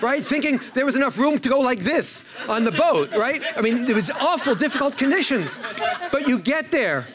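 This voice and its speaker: A man with a New York accent, giving an animated, joke-filled conference talk and often repeating words as he restarts. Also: very high-pitched, fairly quick. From United States. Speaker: panel speaker, historian. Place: conference room.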